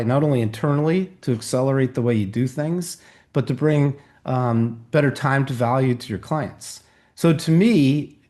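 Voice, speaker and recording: This is a man who coaches founders, giving a measured and motivational answer as a guest. His voice sits at a mid pitch. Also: darkish tone. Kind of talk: interview answer.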